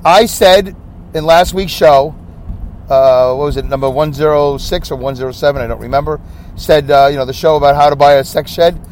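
Slight background noise accompanies a fairly high, somewhat mellow male voice with fairly even intonation, speaking a little fast. He's a podcast host in his fifties from upstate New York, running a solo show while short on sleep, rambling and losing track of his thoughts.

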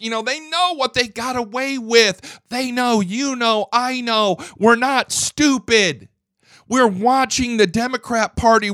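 An extremely high-pitched, sharp-toned man hosts a political commentary show in a dry, studio-quality recording. Delivering an opinionated monologue, he rants indignantly, swears freely, and stumbles over repeated words when he gets worked up.

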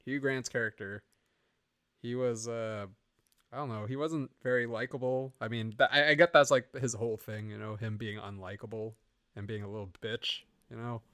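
A man talks loosely through his thoughts on a movie, circling back with "you know" and false starts. His voice sits in a middle pitch. The sound is close and completely dry. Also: fairly even intonation, moderate pace, a bit bright, dry recording. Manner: rambling, lots of "you know" and restarts. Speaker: podcast co-host. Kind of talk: casual movie review chat. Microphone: remote call microphone.

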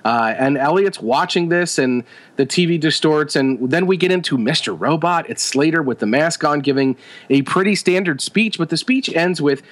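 A man with a slightly raised voice chats excitedly as a co-host, walking through scenes with plenty of "uh" and "like". He sounds eager and animated, piling on praise as he goes. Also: a little high, moderate pace. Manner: enthusiastic, animated retelling with frequent fillers. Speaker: podcast co-host. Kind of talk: casual chat.

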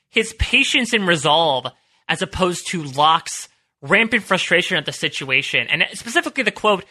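A man's voice: fairly high pitch, bright, forceful tone. A man co-hosting a TV recap podcast, thoughtful and hedging, often restarting his sentences. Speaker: podcast co-host. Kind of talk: casual TV recap analysis.

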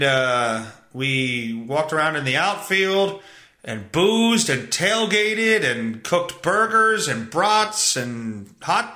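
A man's voice: on the high side, pushed and bright. A man hosting his own podcast, rambling through a sarcastic, profane comedic monologue. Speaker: podcast host. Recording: roomy echo.

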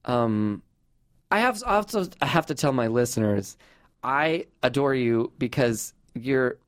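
A man's voice: medium pitch, expressive, measured pace. A man from Southern California hosting a podcast, chatty and self-deprecating, saying "like" a lot. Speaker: podcast host. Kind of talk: casual podcast chat.

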